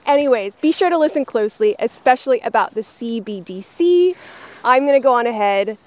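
A woman's voice: fairly high pitch, expressive, brisk. A woman co-hosting a casual outdoor walk-and-talk, out of breath and playful. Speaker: co-host. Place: outdoors on a hill.

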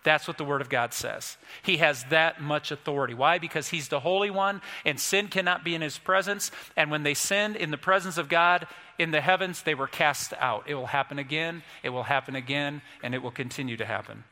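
A male pastor preaching a sermon, emphatic and storytelling, building to forceful peaks. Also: a little high, a little fast, hardly any pauses. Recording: long hall reverb.

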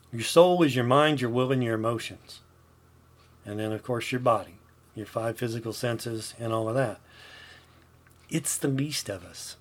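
A man delivers a podcast sermon in an earnest, emphatic voice of middle pitch. He repeats key phrases and checks in with his listeners as he teaches. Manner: earnest, repetitive, emphatic preaching with rhetorical "Okay?". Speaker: podcast host, Christian teacher. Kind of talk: preaching podcast talk.

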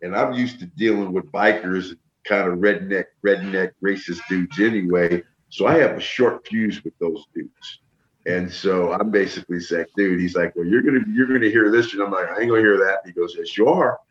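A middle-aged man from the northern United States telling animated stories as an interview guest, acting out what others said. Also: deep voice, normal speed, roomy sound. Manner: animated storyteller, acts out quotes. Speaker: interview guest, former wrestler. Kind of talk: casual storytelling. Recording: dull lo-fi sound.

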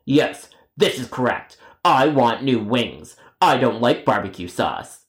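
A man's voice: medium pitch, sing-song. A man voicing a rude, whiny grown man customer who trades insults and drags out his complaints in a storytime cartoon. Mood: stubborn. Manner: insulting, stubborn, drawn-out complaints.

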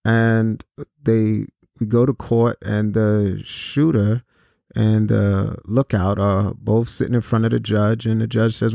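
A man with a low, gravelly voice and a dark, mellow tone tells a personal story to young listeners. He talks earnestly and at a measured pace, often pausing on small fillers. The sound is dry and close, with no room around it. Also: flat delivery, dry recording. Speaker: host and speaker on violence prevention. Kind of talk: personal storytelling talk to students.

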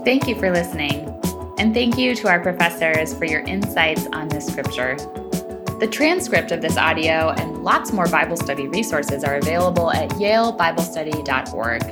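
A woman's voice: deep voice, lively intonation, moderate pace. Woman host reading an outro over music. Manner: smooth, read-aloud delivery. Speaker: podcast host. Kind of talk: scripted outro. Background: loud theme music.

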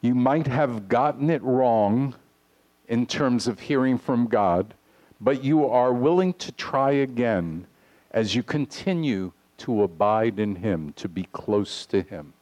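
A man preaching a sermon to his congregation, earnest and deliberate, reading scripture aloud. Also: medium pitch, lively intonation, a little mellow, muffled recording. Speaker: pastor. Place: congregation hall.

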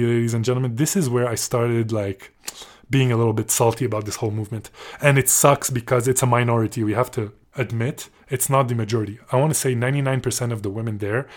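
A young man from Canada telling a rambling, sarcastic story on his podcast, swearing often and restarting his sentences. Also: medium pitch. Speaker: podcast host. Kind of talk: casual storytelling monologue.

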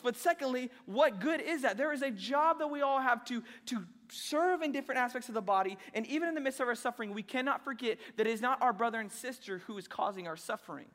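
High-voiced pastor preaching in a reverberant hall. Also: male voice, a bit bright. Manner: playful, self-deprecating storytelling between points. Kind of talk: sermon.

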